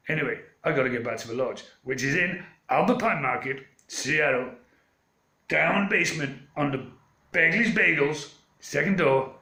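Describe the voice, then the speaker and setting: A man's voice: a little high, moderate pace, pushed and bright, reverberant. A man telling a long, meandering story in a defiant, swearing rant to his channel. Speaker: channel host. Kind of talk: rambling ranting monologue.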